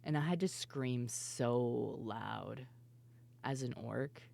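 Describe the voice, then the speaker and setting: A woman streamer telling stories in casual chat, her voice worn and hoarse, laughing often and swearing freely. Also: very deep voice, takes it slowly, warm tone. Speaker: VTuber streamer.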